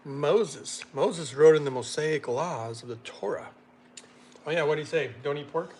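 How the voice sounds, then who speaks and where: A man hosting a casual livestream, reading chat comments aloud and laughing often while making a smoothie. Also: a little high, a little slow, background noise.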